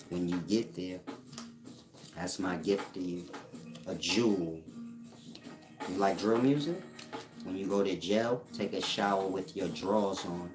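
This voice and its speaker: A man giving a casual spiritual teaching monologue, drawling slowly and using street slang. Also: sits low. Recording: roomy echo.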